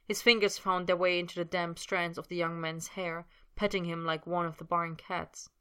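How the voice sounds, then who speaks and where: A woman with a fairly low voice reads a story aloud. Her narration is steady and unhurried. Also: clear, resonant tone. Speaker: reader. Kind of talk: reading fan fiction aloud.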